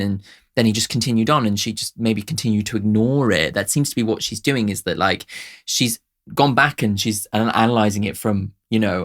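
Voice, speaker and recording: A man's voice: fairly low pitch, a bit bright. A man hosting a music reaction video, talking casually, rambling with lots of "like", laughing often and swearing freely.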